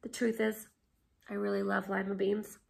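A woman voicing a young girl in a picture-book read-aloud, with a higher, girlish delivery. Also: level tone, moderate pace, vocal fry. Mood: eager. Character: young girl Camilla, stubborn then relieved.

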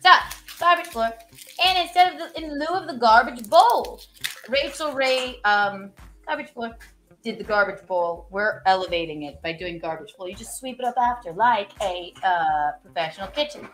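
A woman's voice: mid-range voice, normal speed. A woman hosting a casual cooking live stream, chatting to her viewers while she cooks and repeating goofy catchphrases. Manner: joking, rambling, repeats silly catchphrases.

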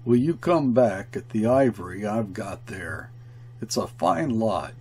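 A man's voice: on the low side, animated, measured pace, a little mellow, slightly rough. A man voicing a terse, cunning station clerk. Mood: calm. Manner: terse, broken phrasing.

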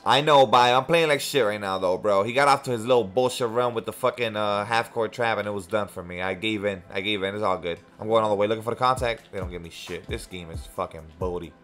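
A man's voice: fairly low pitch, fast, hardly any pauses, fairly bright tone, faint music behind. A young man streaming a basketball video game, cursing and trash-talking his opponent while thanking viewers for donations. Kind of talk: live game stream commentary.

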